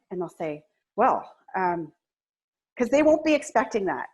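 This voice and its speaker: A woman speaking as a guest on a video-call webinar, earnestly coaching listeners and acting out soft, empathetic phrases. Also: fairly low pitch, sing-song, measured pace, husky. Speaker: guest speaker, agency co-founder. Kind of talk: webinar talk on client communication.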